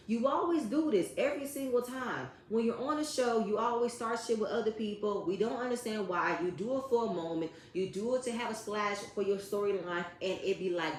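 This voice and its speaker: A woman's voice: medium pitch, normal speed, a little hiss or hum. A woman giving a blunt, profane recap of a reality TV episode, talking straight at the cast members. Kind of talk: casual commentary recap. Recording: roomy echo.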